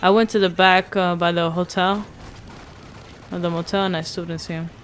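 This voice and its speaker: A woman's voice: on the low side, steady tone, normal speed, slight background noise. An American woman chatting playfully and exclaiming while playing an online game. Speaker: gamer. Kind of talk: casual gaming chat.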